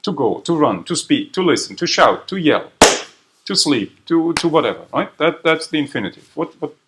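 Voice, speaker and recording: This lecturer, a man from southern Germany, speaks at normal speed in a voice on the high side. Lively in his seminar, he quizzes students and ends points with "right?". The recording has a little hiss or hum, echoes in the lecture room, and catches him far from the mic.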